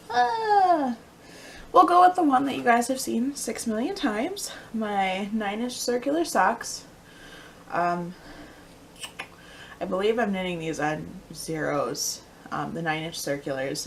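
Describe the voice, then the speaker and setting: A young woman hosting a casual knitting podcast, rambling and chatty with lots of ums and quiet asides. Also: medium pitch, a little hiss or hum, poor audio. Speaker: podcast host.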